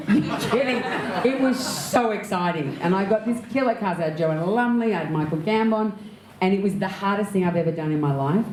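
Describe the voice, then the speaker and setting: A woman with an Australian accent, an actor and director, telling candid anecdotes in a lively way and laughing often as an interview guest. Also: fairly low pitch, reverberant, a little hiss or hum, rough recording. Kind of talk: candid storytelling in an onstage conversation.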